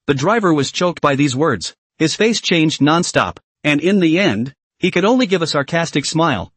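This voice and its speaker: A man's voice: on the high side, expressive, normal speed, few pauses, no echo. A man narrating a comic story recap in a dramatic storytelling manner.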